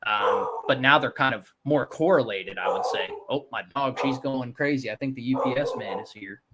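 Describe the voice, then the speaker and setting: A man with a mid-pitched, ordinary voice hosting a live market chat. He talks in a laid-back, searching way, pausing on fillers as he works through his thoughts. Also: very noisy. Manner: relaxed, hesitant, thinks aloud with fillers. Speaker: host of a market livestream. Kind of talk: casual trading chat.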